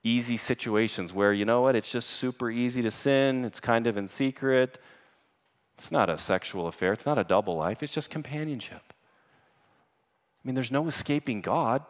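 A man's voice: mid-range voice, normal speed. Man preaching an urgent sermon, hall reverb. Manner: earnest preaching, rising to urgent emphasis. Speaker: pastor. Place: church sanctuary.

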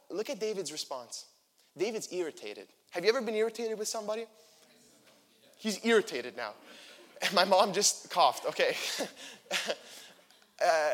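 A young man preaching a sermon, animated and acting out the people in the story he reads. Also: sits high. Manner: animated, acts out the figures in quotes.

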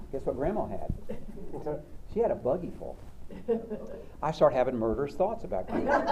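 A man's voice: medium pitch, background noise. Folksy man telling funny stories. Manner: folksy, self-mocking humor. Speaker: counselor. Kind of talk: storytelling talk on recovery.

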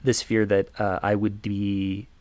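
A young man telling a personal story in a reflective, halting way, with many pauses and fillers. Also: lowish voice, monotone, darkish tone, clean tone, no room sound. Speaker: podcaster.

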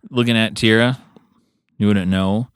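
A man's voice: lowish voice, steady tone, unhurried, clean tone, dry recording. A man co-hosting a casual podcast chat in a studio, blunt and jokey, laughing a lot. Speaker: podcast co-host.

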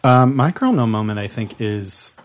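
Man, podcast host, casual chat, very lively melodic voice, leads the talk. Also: medium pitch, normal speed. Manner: animated, leads the segments.

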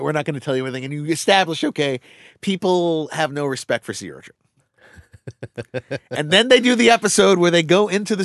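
A man chats casually as a podcast co-host, his voice sitting a little high. He tells stories in animated bursts, full of fillers and restarts. The sound is dry and close to the mic. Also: no room sound. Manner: animated storyteller, quick bursts, drops into low voices for quoted characters. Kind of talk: casual chat.

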